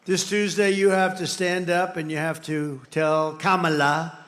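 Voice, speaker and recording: A man's voice: sits high, steady tone, moderate pace, a little hiss or hum. A man giving a campaign rally speech at a podium microphone, combative and repetitive, with mocking asides. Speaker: political candidate. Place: large rally venue.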